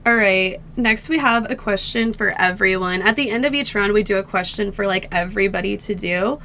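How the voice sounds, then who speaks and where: A woman hosting a casual stream game show who prods her guests with brisk questions. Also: medium pitch, creaky, pushed and bright, slight background noise.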